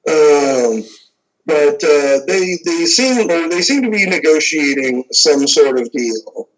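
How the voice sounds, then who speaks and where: A man's voice: a little high, expressive, slow, poor audio. A man narrating as game master, describing scenes in a rambling way full of fillers.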